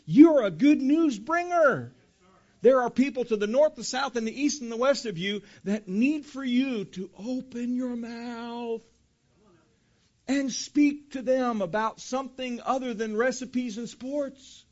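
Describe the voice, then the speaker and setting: A man's voice: high-pitched, a bit bright, dull audio. A man preaching a sermon, asking rhetorical questions and building emphasis, calling his listeners folks. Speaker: pastor.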